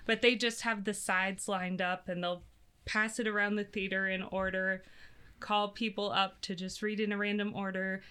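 A woman's voice: medium pitch, flat delivery, normal speed, sharp tone, smooth. A young woman, a community theater actor, chatting casually as an interview guest and laughing easily.

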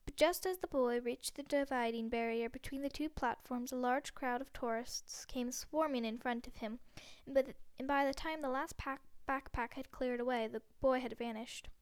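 High, smooth-voiced woman reading a novel aloud. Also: moderate pace, few pauses, no room sound. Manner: steady, with frequent slips and restarts. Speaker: reader.

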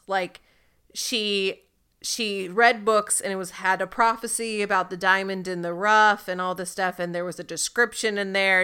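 A woman co-hosting a podcast, calmly explaining her reading of a TV episode in casual chat. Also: medium pitch, clear, resonant tone. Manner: thoughtful, explains her view at length. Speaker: podcast co-host. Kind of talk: casual chat recapping a TV show.

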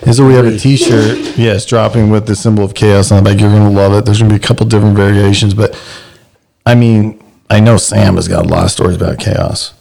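A man with a mellow, dark voice and a gravelly edge chats casually as a co-host. He sounds upbeat and promotional, and he lingers on his words. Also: on the low side, flat delivery, fairly quick. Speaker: podcast co-host. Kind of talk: casual chat.

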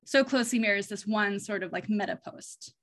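A woman's voice: mid-range voice, a little fast, a bit bright. A woman co-hosting a podcast in casual discussion, chatty and prone to tangents, laughing at herself. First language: bilingual, speaks another language. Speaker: podcast co-host.

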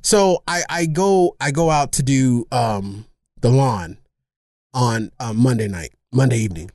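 A man co-hosting a podcast, telling a rambling, self-mocking story in casual chat, animated and funny. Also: medium pitch, measured pace, dry recording, studio quality. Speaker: podcast co-host.

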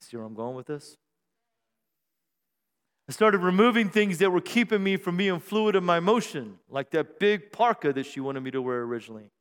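A middle-aged male pastor preaching a sermon on a church stage mic, joking and self-deprecating, then building to shouted praise. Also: high-pitched, very animated, moderate pace, smooth. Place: church sanctuary. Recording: long hall reverb in a church.

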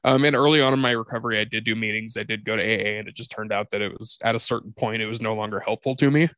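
A man's voice: on the low side, steady tone, rapid-fire, a bit bright, dry recording. Profane, confessional man on a podcast. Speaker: podcast co-host. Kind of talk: candid comedic podcast conversation.

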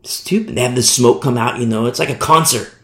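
A man's voice: mid-range voice, a little fast, sharp tone, roomy sound. A man preaching a sermon as a pastor, blunt and plain-spoken, mocking those he disagrees with.

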